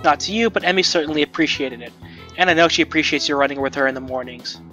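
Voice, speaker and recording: Male reader playing a wry, friendly young male school nurse in a visual novel read-through; slightly high voice, muffled audio with music underneath. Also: fast, sharp tone. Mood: amused.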